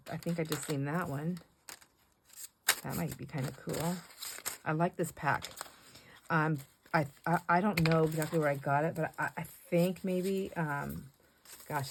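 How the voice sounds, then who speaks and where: A woman's voice: low voice, vocal fry, noisy background. A middle-aged woman chatting casually while she paints, rambling and laughing often. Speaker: craft vlogger.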